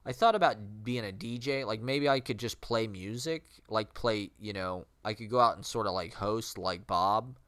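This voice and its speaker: A man's voice: on the low side, normal speed, few pauses, a bit bright, clean tone. A man vlogging in a rambling, self-questioning way, with a nasal voice, many fillers and frequent laughs. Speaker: vlogger and aspiring street poet. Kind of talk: rambling casual monologue.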